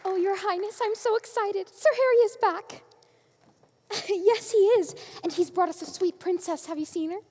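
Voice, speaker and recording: A woman's voice: extremely high pitch, moderate pace, warm tone, a faint crowd, a little hiss or hum. A woman playing a giddy young lady-in-waiting in a live stage musical, gushing breathlessly. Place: theater stage. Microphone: far camera.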